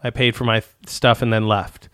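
A man's voice: lowish voice, level tone, moderate pace, a bit bright, smooth, no echo, studio quality. A man co-hosting a podcast, talking in a rambling, casual way with plenty of swearing and laughter. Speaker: podcast co-host. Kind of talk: casual chat.

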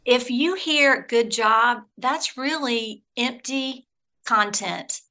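A woman's voice: a little high, slow pace, bright, forceful tone. A woman consultant, a guest on a podcast, giving workplace advice in an affirming, coach-like way. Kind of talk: casual interview chat.

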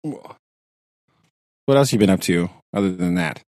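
Man in his thirties, teasing co-host; unhurried delivery with a lively, bouncy pitch. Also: creaky. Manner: teasing, laughing often. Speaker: podcast co-host. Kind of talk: casual chat.

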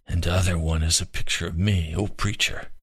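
A dying old man cries out in torment, his thin, reedy voice breaking into sobs, as a man acts him out in a storybook reading. The voice carries a gravelly edge. It sounds close and dry. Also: low-pitched, fairly even intonation, fairly quick, dry recording. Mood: anguished.

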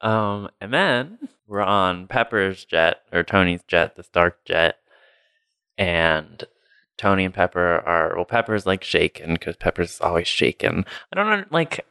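A man's voice: deep voice, bright, forceful tone, no room sound. A man co-hosting a podcast, casually recapping a movie with a sarcastic, rambling manner and frequent laughs. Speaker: podcast co-host.

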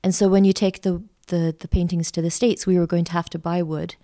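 A middle-aged woman, a podcast guest telling a lively travel story with lots of fillers. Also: on the low side, a little fast. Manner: chatty, animated anecdote-telling with many fillers. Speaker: interview guest, art school founder. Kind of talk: casual storytelling.

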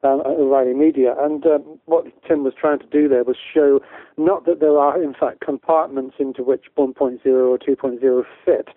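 A man's voice: mid-range voice, fairly even intonation, moderate pace, dry recording. Man on a tinny phone line. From United Kingdom. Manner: rambling, with many restarts and fillers. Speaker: guest educator. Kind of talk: casual conversational interview.

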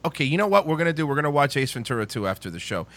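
A woman's voice: low-pitched, very animated, racing. A woman co-hosting a comedy podcast, sarcastic and exasperated, swearing freely as she cuts in. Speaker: podcast co-host. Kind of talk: casual comedic chat.

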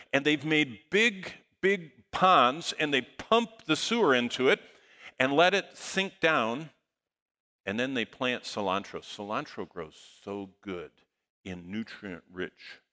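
A male pastor telling a story in a sermon, animated, swinging between loud bursts and hushed asides. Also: mid-range voice. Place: church auditorium. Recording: long hall reverb.

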